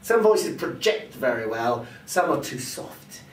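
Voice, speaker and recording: A man's voice: mid-range voice, sing-song, measured pace. A man teaching presentation skills who acts out vocal examples as he explains them. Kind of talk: teaching with spoken demonstrations. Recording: roomy sound from a distance, faint ambience.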